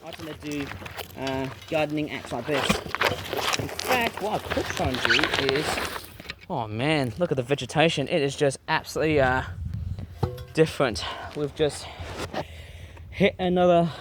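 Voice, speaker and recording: Slightly high-voiced guy gabbing away in his garden, playful wording, noisy clicky tablet audio outdoors. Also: moderate pace, pauses often. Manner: chatty, exclamatory, playful word choices. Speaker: gardening vlogger. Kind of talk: casual rambling commentary. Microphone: tablet camera.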